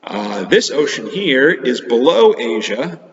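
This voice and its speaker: A man teaches a class of children, explaining things simply and patiently and pausing often. His voice comes through a dull, lo-fi recording that rings in a roomy space with a long reverb tail. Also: mid-range voice, big pitch swings. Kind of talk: geography lesson for children.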